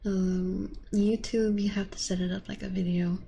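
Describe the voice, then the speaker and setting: Gravelly, soft-spoken woman ASMR streamer. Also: medium pitch, level tone, moderate pace, slight background noise. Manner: rambling and chatty, with many fillers; drifts into soft whispers. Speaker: VTuber streamer. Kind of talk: soft ASMR chat with viewers. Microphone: binaural ASMR microphone.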